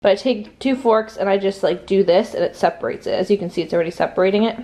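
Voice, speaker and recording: In her home kitchen, a heavily pregnant young vlogger talks fast and breathlessly through her cooking video, peppering it with "like" and "um." Her voice has a medium pitch and a warm tone.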